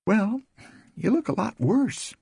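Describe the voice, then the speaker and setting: A woman's voice: mid-range voice, animated, takes it slowly, vocal fry, dark tone, breathy edge, no echo, clean studio sound, voice pushed up, full character voice. A man voicing a blunt, sarcastic woman friend. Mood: teasing.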